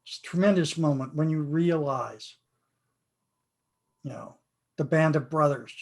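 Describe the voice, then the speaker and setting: An older American man, a game author, speaks in a gravelly voice that runs on the high side and a little slow. In this conversational interview he is earnest and reflective, often repeating himself.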